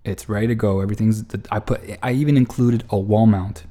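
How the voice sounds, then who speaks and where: Speaking a little fast, this storyteller rambles through a casual anecdote full of profanity and stumbling restarts. His voice is somewhat low, dark and mellow, and his animated retelling carries clear exasperation at what went wrong.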